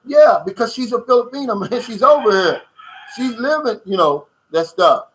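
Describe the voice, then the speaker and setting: A man's voice: very high-pitched, lively intonation, moderate pace, rough recording. A man hosting a casual livestream, reading out viewer comments and giving blunt, emphatic opinions and addressing listeners as "man.".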